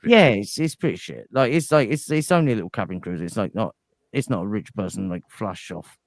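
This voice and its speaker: A man's voice: lowish voice, lively intonation, fairly quick, creaky, dry recording. A man from the United Kingdom, a podcast guest rambling in crude, self-mocking casual banter.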